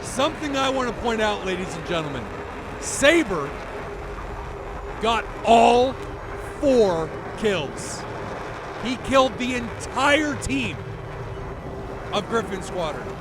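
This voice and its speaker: A man giving live play-by-play commentary on an air combat match, excitable, swearing freely and shouting at big moments. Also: high voice, takes it slowly, long pauses, background noise. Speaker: esports commentator.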